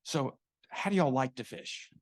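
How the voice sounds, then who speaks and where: A man's voice: mid-range voice, animated, a little slow. A man playing a polite, attentive male fishing guide who asks friendly questions.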